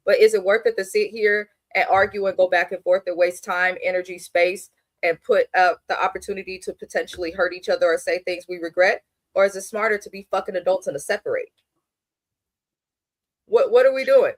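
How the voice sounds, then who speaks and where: A woman's voice: lowish voice, fairly even intonation, brisk, no room sound. A woman co-hosting a reality TV recap who talks in a blunt, opinionated way and swears freely. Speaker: podcast co-host. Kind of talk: casual reality TV recap commentary.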